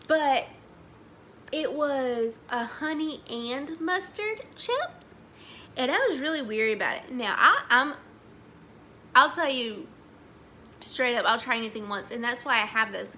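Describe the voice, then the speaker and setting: A young woman, chatting excitedly as she reviews snacks, saying "y'all" a lot. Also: sits high, a little hiss or hum. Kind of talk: casual chat.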